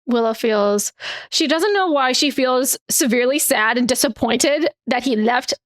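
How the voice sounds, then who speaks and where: A woman's voice: sits high, lively intonation, measured pace. A woman playing her character in a tabletop role-play, reacting with frequent laughs. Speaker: player.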